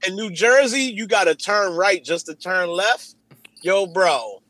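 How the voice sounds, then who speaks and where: Bright, lively man cursing and laughing. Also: high-pitched, a little slow, no echo, low-quality recording. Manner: loud, laughing, profane storytelling. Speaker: podcast co-host. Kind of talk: casual chat.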